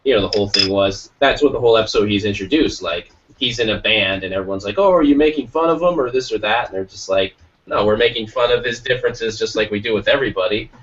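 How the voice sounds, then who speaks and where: A man's voice: lowish voice, fast talker, a bit bright. A man hosting a podcast in casual chat, rambling along and swearing now and then. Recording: lo-fi, distant from the mic.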